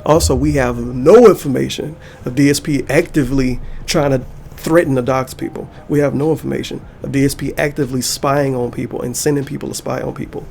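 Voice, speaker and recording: Gravelly, heated man ranting. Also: medium pitch, steady tone, fairly quick, darkish tone, a little hiss or hum. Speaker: YouTuber and streamer. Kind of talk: angry reaction commentary.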